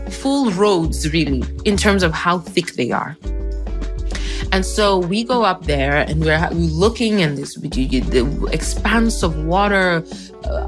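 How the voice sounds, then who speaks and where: A woman telling a personal story on a podcast in an animated, conversational, self-mocking way. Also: mid-range voice.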